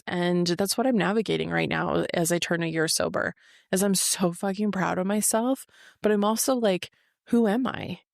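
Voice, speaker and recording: A creaky, lowish-voiced podcast host in her 40s speaks frankly from an office in a confessional solo monologue, swearing freely throughout. It's a dry, studio-quality recording.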